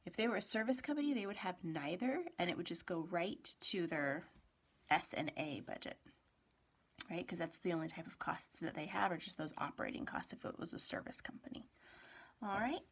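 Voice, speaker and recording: Gravelly-voiced woman giving a casual accounting lecture. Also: medium pitch. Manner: chatty, asks rhetorical questions, mutters while writing. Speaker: accounting professor. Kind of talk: recorded classroom lecture.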